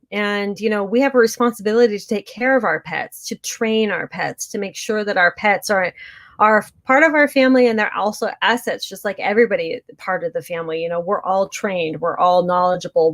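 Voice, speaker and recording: A woman hosting a preparedness channel, chatting casually and upbeat as she answers viewer comments, giggling often. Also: mid-range voice.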